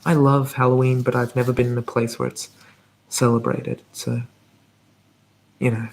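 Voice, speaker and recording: A man hosting a live whispered ASMR Q&A, talking softly and rambling as he reads out viewer comments. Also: medium pitch, flat delivery, moderate pace, gravelly, a little hiss or hum. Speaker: ASMR channel host.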